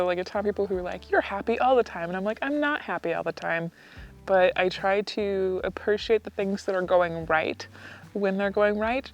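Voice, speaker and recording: A woman's voice: mid-range voice, normal speed, lo-fi sound, soft background music. A woman vlogging at her campsite while she cooks dinner, chatting in an upbeat way and laughing often as she acts out little exchanges with people she met. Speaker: motorcycle travel vlogger. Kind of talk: casual chatty vlog narration. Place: outdoor campsite, cooking.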